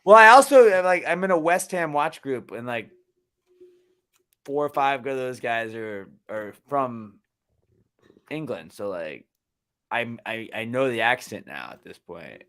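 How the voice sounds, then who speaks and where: Rambling man, lively swinging pitch. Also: unhurried, clean tone. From Texas. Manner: rambling, swears freely, slips into silly put-on voices. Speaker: podcast co-host. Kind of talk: casual chat.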